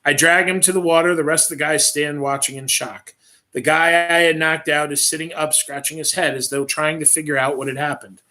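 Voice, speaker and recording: A man's voice: a little high, fairly even intonation, a little fast, pushed and bright. A man reading his own first-person story aloud on a livestream, reading dramatically and breaking off for offhand asides.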